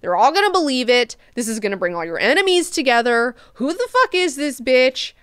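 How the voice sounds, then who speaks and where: A woman voicing a devoted male steward who is upset and pleading, loud and higher than her own voice. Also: very animated, unhurried, clear, resonant tone, no room sound, studio quality. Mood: agitated.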